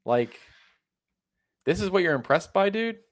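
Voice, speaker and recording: A man's voice: high voice, big pitch swings, unhurried. A man in his thirties hosting a casual commentary, reacting to a video in a sarcastic, incredulous tone. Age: 30s. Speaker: host.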